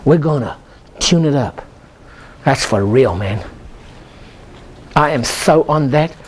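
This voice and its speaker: A man's voice: medium pitch, lively intonation, takes it slowly. An older man, a chiropractor, giving an exclamatory motivational seminar talk and leading the audience in call-and-response chants. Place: lecture room with a live audience.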